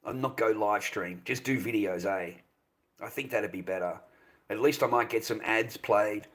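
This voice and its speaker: Bright-voiced ranting Australian man. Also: lowish voice, normal speed. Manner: heated, profane, rambling. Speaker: live streamer. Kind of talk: casual livestream rant.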